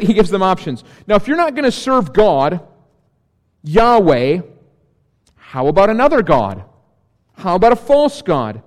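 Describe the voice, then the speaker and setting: A man's voice: high voice, a little mellow. A male pastor preaching a sermon, reading scripture and dropping dry, sarcastic asides. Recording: long reverb of a large hall.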